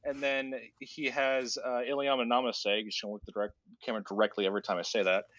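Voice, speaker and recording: A man's voice: fairly low pitch, flat delivery, fast, fairly bright tone, no room sound, lo-fi sound. A man hosting a casual podcast who rambles through a story recap in a sarcastic, mock-casual way. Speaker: podcast host.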